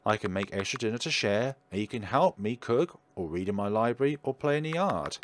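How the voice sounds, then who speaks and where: A man voicing a lonely, motherly woman witch who lives in the woods, gentle and polite as he reads game dialogue aloud. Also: lowish voice, animated, brisk, a little hiss or hum, lightly acted.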